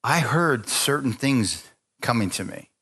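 A man's voice: mid-range voice, a little slow, slightly rough. A man preaching a sermon in a church, telling a story with acted-out voices and frequent laughter, calling on the congregation. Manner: lively storytelling preacher, acting out quoted voices, laughing often. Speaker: pastor. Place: church sanctuary.

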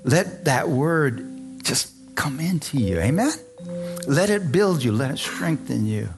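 A pastor preaching a sermon, slowing down to stress phrases and calling for amens from his congregation. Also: a little high, very animated, music in the background. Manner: emphatic, slows down to stress lines, calls for amens.

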